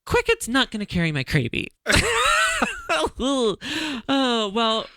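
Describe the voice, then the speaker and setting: A man hosting a casual chat podcast, telling stories in an animated way and laughing often. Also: very high voice, slow, no room sound, clean studio sound. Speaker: podcast host.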